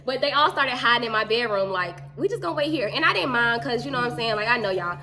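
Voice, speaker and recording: A woman telling a story in a casual chat, animated and slangy. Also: on the high side, quick pace, music in the background.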